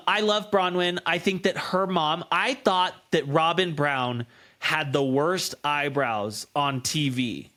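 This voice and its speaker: A man co-hosting a casual podcast chat, blunt and gossipy, telling stories with energy. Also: fairly high pitch. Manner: gossipy, blunt, animated storytelling. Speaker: co-host.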